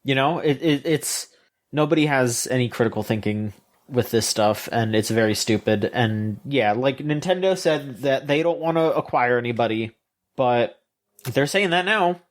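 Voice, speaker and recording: A man's voice: mid-range voice, lively intonation, normal speed. A man co-hosting a video game podcast, ranting in opinionated casual chat with frequent restarts, fillers and swearing. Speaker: podcast co-host.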